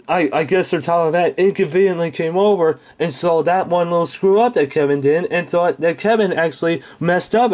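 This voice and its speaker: Male reviewer, exasperated swearing rant, higher-pitched voice. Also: a little mellow. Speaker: show reviewer. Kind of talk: angry video review rant.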